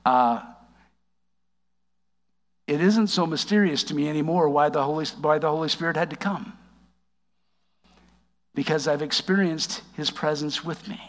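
A man giving a conversational sermon, reading scripture aloud and explaining it with wry asides, slowing down for emphasis. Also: fairly high pitch, long reverb tail. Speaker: preacher.

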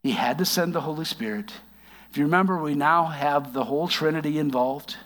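A man giving a conversational sermon, reading scripture aloud and explaining it with wry asides, slowing down for emphasis. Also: on the high side, fairly bright tone, in a large hall. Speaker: preacher.

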